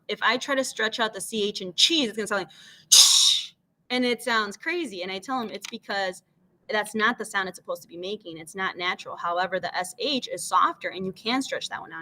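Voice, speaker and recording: A woman teacher patiently explains phonics in class, switching between English and Spanish and sounding out each letter aloud. Her voice is mid-range with a sharp tone.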